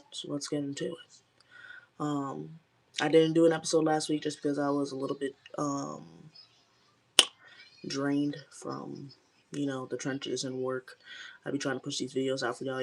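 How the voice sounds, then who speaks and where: Gravelly, husky young woman streaming live. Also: low voice, flat delivery, normal speed, long pauses, a little mellow. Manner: candid, rambling, many fillers. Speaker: livestream host. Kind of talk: casual live chat with viewers.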